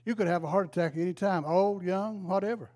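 A man's voice: high-pitched, a little fast, darkish tone. An older man, a retired pastor, telling a folksy, emotional story in a sermon. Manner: folksy, emotional, exclaims praise.

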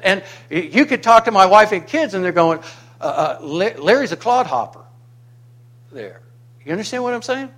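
A man preaching a sermon to his congregation, passionate, asking rhetorical questions and swinging from quiet reflection to loud emphasis. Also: high voice, very animated, moderate pace. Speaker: pastor.

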